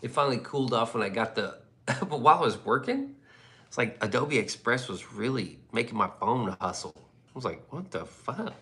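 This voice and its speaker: A man's voice: medium pitch, expressive, brisk, a bit bright. A man hosting a livestream in rambling casual chat, profane and loose, often laughing. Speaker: livestream host.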